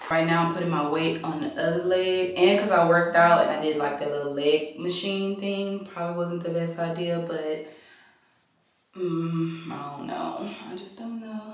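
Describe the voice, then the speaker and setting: A woman, chatting casually to her viewers in a vlog while doing her makeup at home. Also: lowish voice. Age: 30s. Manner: chatty, confiding, addresses viewers as y'all. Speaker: vlogger. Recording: very echoey room, voice off-mic.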